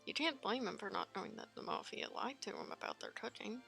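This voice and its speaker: A woman streamer reads a visual novel aloud, expressive and quick to giggle. Her voice is high and animated with a gravelly rasp. Faint game music plays underneath. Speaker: let's play streamer.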